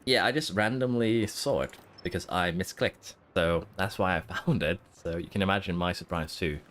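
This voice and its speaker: A man's voice: deep voice, normal speed, fairly bright tone. A man streaming a racing management game, thinking aloud in a casual, rambling way with lots of fillers, while fighting off hiccups. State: hiccuping and holding them in. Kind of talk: casual live-stream commentary.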